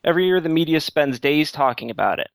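A man's voice: on the high side, expressive, quick pace, clear, resonant tone, no echo. A man co-hosting a call-in show, upbeat and well caffeinated, laughing often and reading listener letters aloud. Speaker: co-host reading listener questions.

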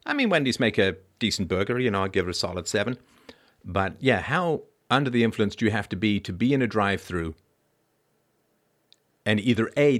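A man with a somewhat low voice delivers news commentary, reading reports aloud and then cutting in with mocking asides. His sarcasm jumps up in pitch and volume before falling back to a dry mutter. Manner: mocking, wry asides, swings from loud sarcasm to mumbled remarks. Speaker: podcast host.

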